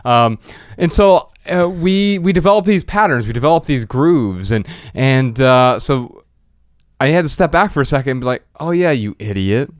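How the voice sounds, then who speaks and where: Smooth-voiced man telling jokey stories. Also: mid-range voice, expressive, moderate pace, dry recording, clean studio sound. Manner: jokey storyteller, acts out quoted lines. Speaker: podcast co-host. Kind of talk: casual chat.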